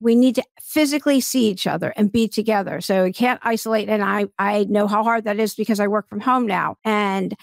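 A woman's voice: medium pitch, a little fast, vocal fry, hardly any pauses, dry recording. A middle-aged woman hosting her own podcast, chatting upbeat and rambling as she tells a story, with frequent restarts. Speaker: podcast host. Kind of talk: casual solo podcast monologue.

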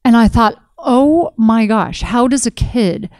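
A woman's voice: on the high side, expressive, slow, a little mellow, dry recording. A middle-aged woman co-hosting a podcast in casual conversation, telling stories with animation and acting out quoted dialogue. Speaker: podcast co-host.

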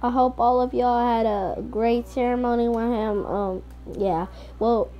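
A woman telling a casual game role-play story in a rambling, hesitant way with many pauses. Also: on the high side, fairly even intonation, dull audio.

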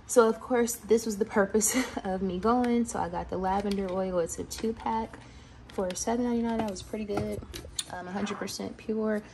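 A sassy woman chats to her vlog viewers with a gravelly, creaky edge in her mid-pitched voice. She talks in a playful, slangy way. The home recording carries noticeable noise underneath. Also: fairly even intonation, normal speed, a little mellow. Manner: sassy, playful, salty slang, frequent laughs. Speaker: vlogger. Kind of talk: casual chatty vlog.

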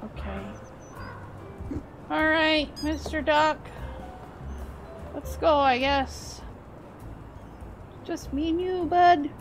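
A young woman streaming a game, chatting playfully to herself as she plays. Her voice is high and unhurried. Game music is clearly heard behind her. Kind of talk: casual game-stream commentary.

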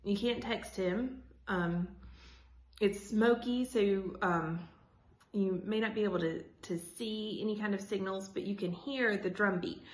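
A woman's voice: mid-range voice, steady tone, unhurried. A woman teacher reading a children's chapter book aloud, stopping to explain in a casual way with many fillers. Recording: echoey room.

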